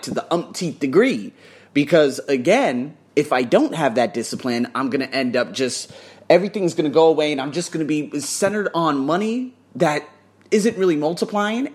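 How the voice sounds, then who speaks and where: A man's voice: medium pitch, breathy edge. A man telling a casual vlog story about his tutoring work, swearing freely and acting out what people said. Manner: animated, swears freely, acts out quotes. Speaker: English test tutor.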